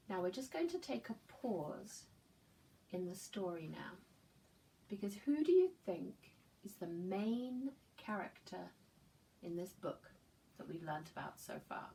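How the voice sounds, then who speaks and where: A woman preschool teacher reading a picture book aloud to young children, slow and gentle, pausing to ask simple questions. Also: fairly low pitch, very animated, creaky, far from the mic, slight background noise, rough recording. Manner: slow, gentle, with loud animal sounds in the story.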